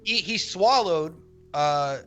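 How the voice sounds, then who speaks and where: A man co-hosting a podcast, chatting casually in a rambling, profane, animated way. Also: on the high side, slow pace, dull audio, faint music behind. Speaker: podcast co-host.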